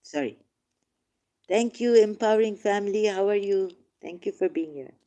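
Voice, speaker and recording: A woman hosts a casual online livestream, reading scripture passages aloud and reacting emotionally, shifting from quiet musing to emphatic outbursts. Her voice is medium in pitch and a little fast.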